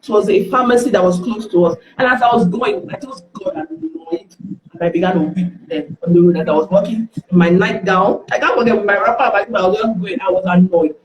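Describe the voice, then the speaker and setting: Nigerian woman guest, lively storyteller who voices the people in her stories; roomy, echoing recording. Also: medium pitch, fast talker, few pauses, slight background noise. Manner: lively, acts out dialogue in the stories. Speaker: guest speaker. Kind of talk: candid storytelling on a live stream. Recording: roomy echo.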